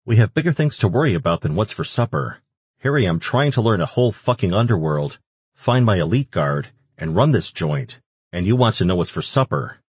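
A man's voice: lowish voice, very animated, brisk, darkish tone, breathy edge, no echo. A man voicing a surly, foul-mouthed male demon king who curses and snaps irritably. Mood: fed up. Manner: crude, irritable and cursing.

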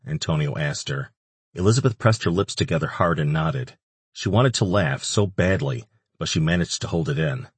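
A man narrating an audiobook in a measured, even reading. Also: a bass voice, slightly rough, no room sound. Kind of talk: scripted narration.

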